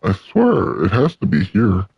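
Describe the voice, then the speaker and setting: A man's voice: lowish voice, huge pitch swings, a little slow, gravelly, breathy edge, dry recording, lo-fi sound. A man giving joking, casual commentary while playing a video game. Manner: joking, laughs at himself. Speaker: let's play gamer.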